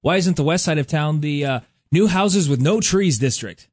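A man's voice: on the high side, animated, moderate pace, a little mellow, no echo, clean studio sound. A man co-hosting a radio show, joking and rambling with frequent laughs. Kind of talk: casual morning radio chat.

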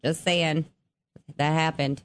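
A woman's voice: deep voice, fairly even intonation, slow, smooth. A woman co-hosting a radio morning show, playful and giggly in her banter. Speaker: radio co-host. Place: radio studio.

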